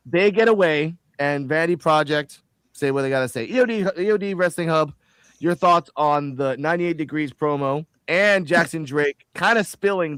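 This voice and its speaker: A man hosting a casual wrestling review show, rambling and animated, often stumbling over his words. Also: a little high, dry recording. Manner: animated, rambling, quotes wrestlers in mock voices. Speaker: podcast host.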